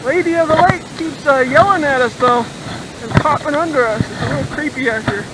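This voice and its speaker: A woman vlogging while ice fishing on a frozen lake, bubbly and squealing with excitement. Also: high-pitched, brisk. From Colorado, USA. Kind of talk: excited outdoor vlog. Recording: loud background noise.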